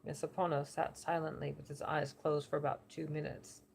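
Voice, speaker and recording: A woman reading a book passage aloud for elocution practice, steady and careful with occasional slips. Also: low-pitched, moderate pace, creaky, slight background noise, low-quality recording. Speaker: reader.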